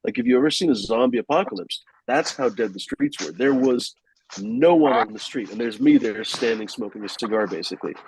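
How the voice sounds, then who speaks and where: A man's voice: mid-range voice, animated, brisk, a crowd in the background, rough recording. A man telling a long story casually, rambling and profane, with many fillers and restarts.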